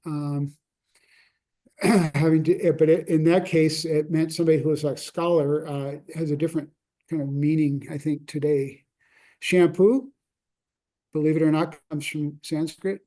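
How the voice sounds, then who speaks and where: Guy giving a slide talk, kinda high but mellow voice, lots of uhs and restarts. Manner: halting, many fillers and restarts. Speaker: lecturer. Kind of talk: slide lecture.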